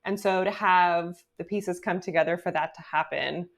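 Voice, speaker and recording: Lady author chatting in an interview, lowish voice, super animated, lots of "like". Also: normal speed, gravelly. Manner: chatty, animated storytelling with many "like"s. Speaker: guest author. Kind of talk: casual interview talk. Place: home office in New York.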